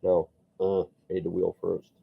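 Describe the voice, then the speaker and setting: A man with a very low, gravelly, husky voice rambles casually to his stream viewers as he works on a sculpture. The audio is thin and tinny, like a phone line. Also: completely flat delivery, a little slow. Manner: rambling, chatty, answers viewer comments. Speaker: sculptor streaming while working. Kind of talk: casual live-stream chat while sculpting.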